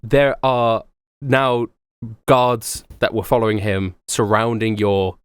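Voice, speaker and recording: A man running a tabletop game as game master, narrating in an animated, rambling way. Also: fairly low pitch, takes it slowly, clear, resonant tone, dry recording.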